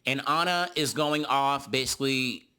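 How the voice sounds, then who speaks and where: A man's voice: normal speed, pushed and bright, clean tone. A man giving a sassy, gossipy recap of a reality TV episode, calling his listeners honey and girl. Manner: mimics cast members in high voices. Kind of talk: casual recap commentary.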